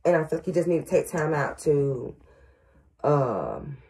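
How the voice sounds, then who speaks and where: A woman's voice: low-pitched, sing-song, a little slow, dark tone. A grandmother working as a psychic medium, giving a casual reading to viewers with frequent stutters, fillers and "y'all". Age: older.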